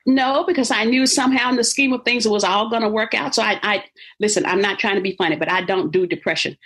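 Husky-voiced woman, emphatic and preacherly. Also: medium pitch, fast, a bit bright. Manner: emphatic, preacherly, laughs easily. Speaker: faith-based motivational speaker and author. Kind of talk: interview conversation.

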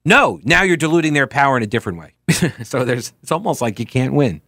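A man's voice: mid-range voice, sing-song, a little fast, a bit bright, no room sound, clean studio sound. A man hosting a political talk show, speaking casually and sarcastically while reading listener tweets aloud with frequent asides.

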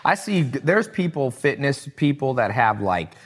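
A man hosting a podcast in casual chat, telling stories with lively acted-out quotes. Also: medium pitch, unhurried, husky. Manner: animated storyteller who acts out quotes and laughs. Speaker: podcast host.

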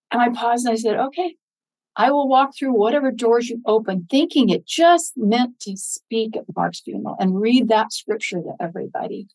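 Middle-aged woman guest, earnest heartfelt storyteller, voice a bit high. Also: a little fast, darkish tone, rough recording. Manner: earnest, heartfelt, quotes scripture aloud. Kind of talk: emotional personal storytelling.

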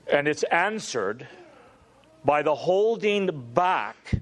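Slow, intense male preacher. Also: mid-range voice. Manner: dramatic swings from hushed to loud climaxes. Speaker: pastor. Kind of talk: sermon.

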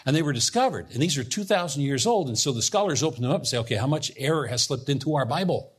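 Pastor guy preaching a sermon, kinda husky voice, earnest, asks the crowd questions. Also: on the high side, lively intonation, fast.

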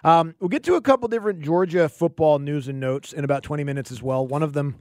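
Fast-talking male sports radio host. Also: fairly high pitch, dry recording, studio quality. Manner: quick, easygoing banter. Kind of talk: casual radio chat. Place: radio studio. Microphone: studio microphone.

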